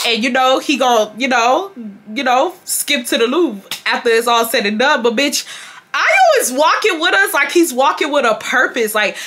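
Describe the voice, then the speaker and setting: A young woman tells a storytime to her viewers in a loose, slangy, dramatic way, calling them y'all again and again. Her voice sits a little high and sounds bright and forceful. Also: sing-song, moderate pace, slight background noise. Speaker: storytime vlogger. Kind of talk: casual storytelling to camera.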